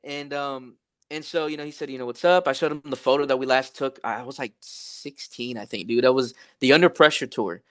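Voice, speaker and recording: A young man tells a backstage story in a loose, casual way, full of "uh," "whatever," and cursing. His voice sits at an ordinary pitch and is recorded dry and close, with no room sound. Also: a little fast, no echo. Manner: laid-back, profane, many fillers, animated retelling. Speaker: podcast guest, rapper.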